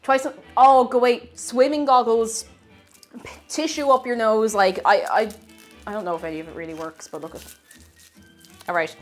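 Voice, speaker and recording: A woman's voice: a little high, fairly even intonation, moderate pace, long pauses, soft background music. A young woman with a Tipperary Irish accent, chatting casually with her livestream chat while she cooks, giggling and greeting viewers. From Tipperary, Ireland. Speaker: cooking streamer.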